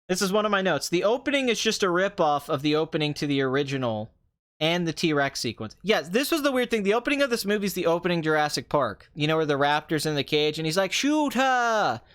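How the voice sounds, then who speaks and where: Sarcastic ranting man, slightly high voice. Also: a little fast. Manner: sarcastic, ranting, animated with mocking asides. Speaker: movie review podcast host. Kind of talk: casual ranting commentary.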